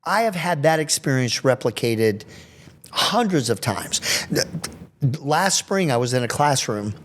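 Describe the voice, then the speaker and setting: A man's voice: mid-range voice, measured pace, a little hiss or hum. A magician and special education researcher telling stories in an interview, acting out voices as he goes. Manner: animated storyteller, acts out children's voices. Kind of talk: storytelling interview.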